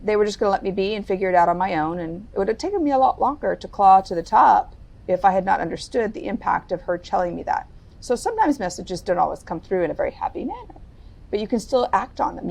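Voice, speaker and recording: A middle-aged woman telling a personal story as a podcast guest, candid and deliberate. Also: expressive, vocal fry, a little mellow. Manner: candid, lowers her voice and speaks deliberately. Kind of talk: reflective interview storytelling.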